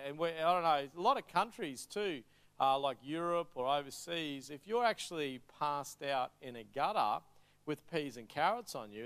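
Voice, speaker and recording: An Australian man giving an energetic, joking talk to an audience, full of anecdotes. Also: medium pitch, clear, resonant tone. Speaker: charity speaker.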